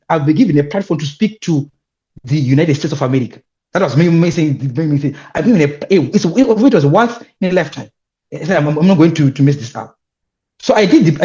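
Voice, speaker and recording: A young man with a Zimbabwean accent telling his story as an interview guest, animated and emphatic, repeating words when excited. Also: fairly high pitch, dull audio. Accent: Zimbabwean English. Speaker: guest, youth leadership speaker.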